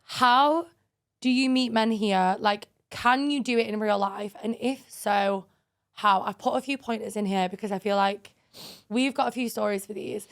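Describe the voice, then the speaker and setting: A woman co-hosting a podcast, telling dating stories in a lively, swearing, laughing way. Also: medium pitch, normal speed. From England. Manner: animated, swearing, laughing storyteller. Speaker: podcast co-host. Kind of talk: casual chat.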